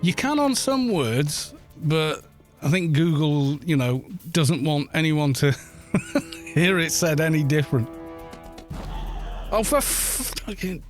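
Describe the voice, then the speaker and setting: A man's voice: on the high side, expressive, unhurried, soft background music. A man from Wales chatting casually on a gaming live stream, rambling, laughing often and swearing at the game.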